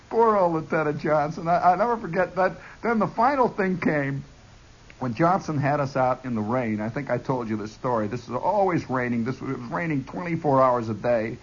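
Man, comic storyteller, animated, chuckling, high pitch, lo-fi recording. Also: normal speed. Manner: animated, chuckling, jumps into voices. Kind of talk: comic monologue. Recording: dull lo-fi recording.

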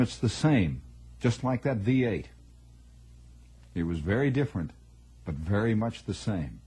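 A man reflecting aloud in a radio monologue, halting over words and then pressing his point. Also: fairly low pitch, sing-song, warm tone, husky. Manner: musing, halting restarts, rising to emphatic asides. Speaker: storyteller.

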